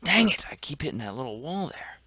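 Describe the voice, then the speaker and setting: Excitable man narrating his gameplay. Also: on the high side, a little fast, husky, dry recording. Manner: excitable, shifts between whispers and shouts. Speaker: gaming channel host. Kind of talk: let's play commentary.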